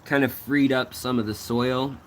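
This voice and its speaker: A man's voice: medium pitch, moderate pace, slight background noise. Rambling man giving a casual fish-tank tour. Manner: rambling, relaxed, many fillers and restarts; enthusiastic about the fish. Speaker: fishkeeping channel host. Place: home fish room with aquariums, indoors.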